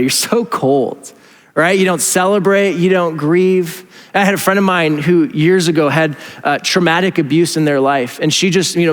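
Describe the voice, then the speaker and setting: A man's voice: on the high side, in a large hall. A male pastor preaching a sermon in a casual, conversational way, acting out imagined inner voices. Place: church.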